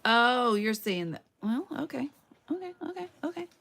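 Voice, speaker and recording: A woman's voice: on the high side, sing-song, normal speed, vocal fry, a bit bright. A woman, chatting to viewers and muttering to herself as she crafts in her home loft. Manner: chatty, talks to herself while working. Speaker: crafting livestreamer. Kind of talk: casual crafting chat to viewers.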